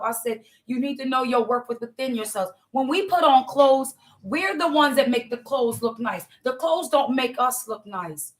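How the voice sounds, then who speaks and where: Woman preacher, high voice, fervent testimony, talks straight to the congregation. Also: normal speed, hardly any pauses. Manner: fervent, repetitive, addresses listeners as y'all. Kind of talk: impassioned testimony sermon.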